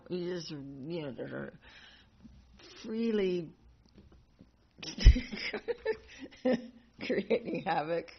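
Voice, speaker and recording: This devotional class teacher has a medium-pitched, slightly rough voice with vocal fry. Stories come out rambling and chatty, full of laughs and self-corrections, captured on a dull lo-fi recording with faint background noise.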